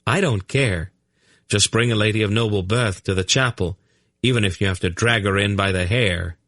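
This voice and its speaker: A man voicing a brisk, impatient young king who gives orders and dry, sarcastic remarks. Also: on the low side, a bit bright, dry recording. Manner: brisk, dryly sarcastic, commanding.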